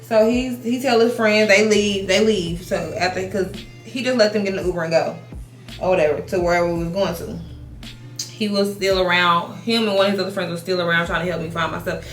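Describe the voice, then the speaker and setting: A woman in her thirties telling a casual storytime while doing her makeup, animated, swearing, restarting her sentences. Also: mid-range voice, fairly quick, roomy sound, faint music behind. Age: 30s. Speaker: beauty vlogger. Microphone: compact camera mic.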